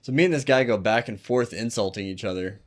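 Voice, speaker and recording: A man's voice: lowish voice, quick pace. A man co-hosting a podcast, telling a story in a casual, profane way and laughing often. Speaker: podcast co-host.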